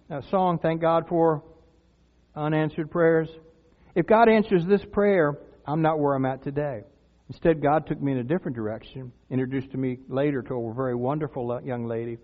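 An older man preaching a sermon in a church, earnest and conversational, rising to loud cries when he voices prayers. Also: a little high, steady tone, normal speed. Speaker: pastor. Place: church sanctuary. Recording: tinny lo-fi sound with long church reverb.

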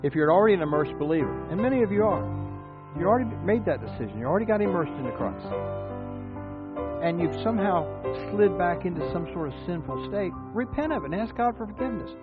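A man's voice: sits high, lively intonation, fast talker, loud music behind the voice. A preacher, a man in his fifties or older, giving an earnest, conversational sermon full of rhetorical questions. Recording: tinny phone-like sound with mains hum.

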